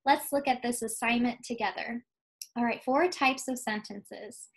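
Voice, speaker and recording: A woman teacher giving a recorded lesson to young children, patient and clear, slowing down to stress key words. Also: fairly high pitch, rough recording. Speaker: second grade teacher.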